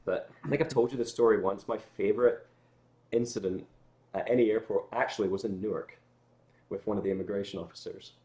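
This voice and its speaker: A man's voice: fairly low pitch, steady tone, a little fast, darkish tone. A Scottish man chatting casually as a guest on a livestream, telling rambling stories with lots of fillers and restarts. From Scotland. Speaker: guest musician.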